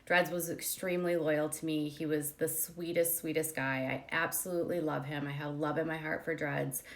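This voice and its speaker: A woman's voice: deep voice, flat delivery, moderate pace. A young adult woman hosting a commentary channel, telling a story in casual chat, with many fillers, acting out the quoted dialogue.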